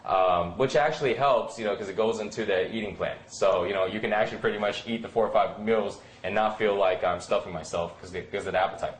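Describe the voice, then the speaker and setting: A man's voice: lowish voice, fast talker, few pauses. A man talking as a fitness coach in a casual advice chat, rambling with many fillers and acting out what friends might say. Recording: echoey room.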